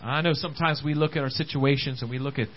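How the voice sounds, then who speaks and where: A man preaching a sermon, with words often repeated and frequent amens, swinging between loud rising calls and quiet low asides. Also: steady tone, quick pace, lo-fi sound. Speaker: pastor. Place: church service.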